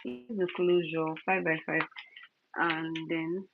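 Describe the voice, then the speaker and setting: A woman chatting casually while working as a wig stylist, thinking aloud and softly cooing to a baby. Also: low-pitched, takes it slowly. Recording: lo-fi with clear background noise.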